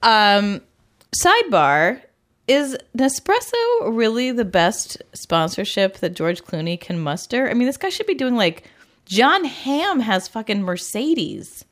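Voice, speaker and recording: Wry, lively-voiced woman co-host. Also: mid-range voice, measured pace. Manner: wry, opinionated, swears casually. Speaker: podcast co-host. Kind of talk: casual chat.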